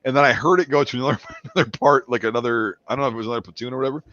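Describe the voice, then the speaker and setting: A man's voice: medium pitch, rapid-fire, dull audio. A man telling a rowdy army story in casual podcast chat, swearing freely and acting out the moments. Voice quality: profane, animated storyteller. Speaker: podcast host.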